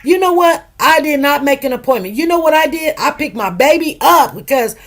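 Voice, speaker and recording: A woman with a high voice hosts a casual talk show. She talks in an emphatic, animated way and acts out the people she quotes. She sounds middle-aged. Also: a little fast. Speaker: show host. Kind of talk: casual chat storytelling.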